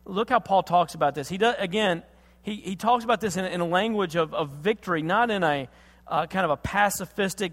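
Pastor preaching, high-pitched man, impassioned with hushed turns, long hall echo. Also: brisk. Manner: impassioned, swings from loud emphasis to hushed tenderness. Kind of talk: sermon.

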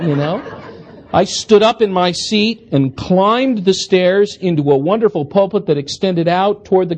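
A man preaching a sermon, telling a story with animated, self-deprecating humor. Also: high voice, slightly rough.

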